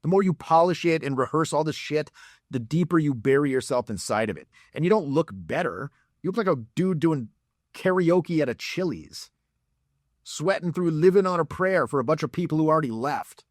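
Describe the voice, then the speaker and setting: A man's voice: fairly high pitch, lively intonation, normal speed, no room sound, studio quality. A man giving blunt, profane dating advice as a coach. He talks in a mocking way and acts out examples in put-on voices.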